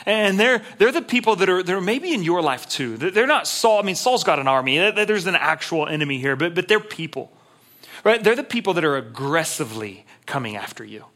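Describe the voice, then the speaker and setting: A man preaching in an earnest, conversational manner, stumbling over and repeating words. His voice is slightly high and bright, with a forceful, pressing edge. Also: very animated, fairly quick. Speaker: pastor. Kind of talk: sermon.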